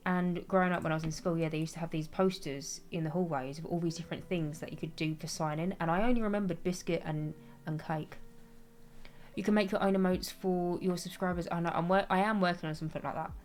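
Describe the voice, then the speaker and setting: A woman's voice: fairly low pitch, fairly even intonation, quick pace, a little mellow, soft background music. A young woman streaming, chatting casually and reading chat, rambling and laughing at herself. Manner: chatty, rambling, self-deprecating, laughs often. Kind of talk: casual chat while gaming, reading chat aloud.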